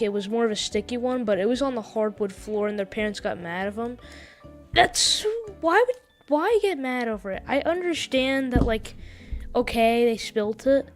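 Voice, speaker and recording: A woman hosting a reaction video, making wry, chatty asides and commenting on a clip. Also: fairly high pitch. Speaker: reaction host.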